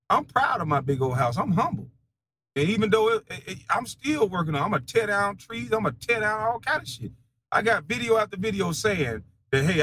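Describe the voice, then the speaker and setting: A man rants defiantly in loose, slang-heavy speech, his fairly high voice swinging widely from low mutters to sharp, loud jeers. He laughs with scorn between lines. A faint hum of room noise sits behind him. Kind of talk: heated profane monologue.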